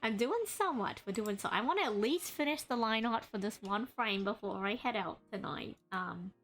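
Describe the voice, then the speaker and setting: A young adult woman streaming while she draws, chatting and rambling to her viewers in a deliberately adopted voice and cadence. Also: on the high side, animated, a bit bright, soft background music. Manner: chatty, rambling, greets chat by name. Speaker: streamer and artist. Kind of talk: casual live-stream chat while drawing.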